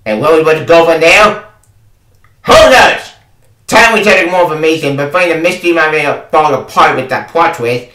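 A man's voice: fairly high pitch, moderate pace, bright, forceful tone, distant mic. Angry ranting man in an echoey room. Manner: exasperated, swearing, repeats himself. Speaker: game reviewer. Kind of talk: angry review rant. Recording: echoey room, away from the mic.

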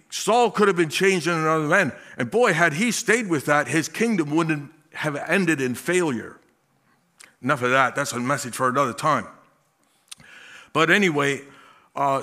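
A male pastor preaching a sermon, slow and drawn out, with emphatic swells and folksy asides. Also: a little high, sharp tone.

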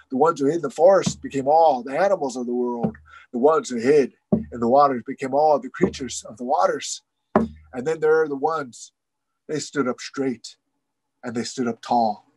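A man's voice: medium pitch, a little mellow, husky, dry recording, poor audio. A man telling a traditional story with rhythmic, repeating phrases. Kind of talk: oral storytelling.

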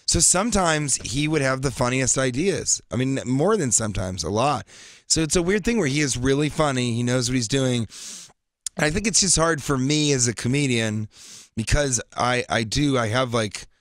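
Rambling animated comedian on radio. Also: male voice, mid-range voice, moderate pace, no room sound, studio quality. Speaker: comedian guest. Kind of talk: casual radio interview. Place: radio studio.

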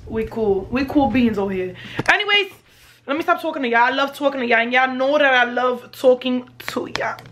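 This is a young woman chatting to her viewers in a casual bedroom vlog. Her voice sits high, and her talk is loose and full of slang. A faint noise runs under the recording. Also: a bit bright. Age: young adult. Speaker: vlogger. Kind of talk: casual vlog chat to camera. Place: bedroom at home.

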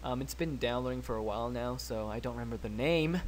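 A man hosting let's play commentary, excitable, cursing freely and yelping when startled. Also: medium pitch, fast talker, a little hiss or hum. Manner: excitable, swears a lot, yelps when startled. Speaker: gaming channel host.

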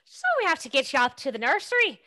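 A woman's voice: high voice, big pitch swings, fast talker, sharp tone, no room sound, studio quality, full character voice. A woman doing a fussy kindly washerwoman. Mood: fussing. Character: kindly large washerwoman, middle-aged, fussy.

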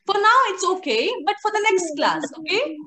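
A woman's voice: very high-pitched, big pitch swings, moderate pace, a crowd in the background. A young woman teaching a live online phonics class to young children, sing-song and coaxing, full of praise and endearments, heard over a video call mic. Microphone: computer or headset mic on a video call.

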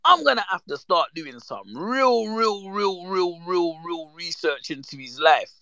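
A man tells stories in a relaxed, slang-filled chat, acting out the voices of the people in them. His voice sits a little high and swings widely in pitch as he gets into it. The sound is dry and close, with no room around it. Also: a little slow, no echo. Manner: animated, slangy, acts out quoted voices. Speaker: storyteller. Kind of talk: casual chat, reminiscing.

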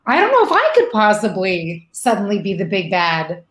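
Actress on a panel, tells stories with lots of voices for quotes, echoey room. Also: female voice, medium pitch, moderate pace, hardly any pauses. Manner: animated storyteller who acts out quoted lines. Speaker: actress guest. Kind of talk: casual panel chat.

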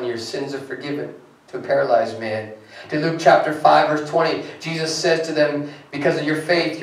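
A man preaching a sermon as pastor, earnest and rising to emphatic peaks as he reads scripture aloud. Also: fairly high pitch. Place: church sanctuary. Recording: echoey hall from far off.

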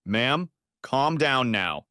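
Narrator guy doing a steady firm deputy, lively voice, dry close mic. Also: medium pitch, dry recording, exaggerated voice. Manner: measured, firm. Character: calm, firm male deputy sheriff.

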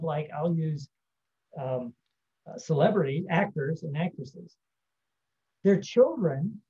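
A man talks through a self-help lesson in a casual, rambling way, checking in with "right?" again and again. His voice sits fairly high and sounds mellow. The recording is dull and lo-fi. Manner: rambling, frequent "right?" tag questions. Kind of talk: casual teaching monologue.

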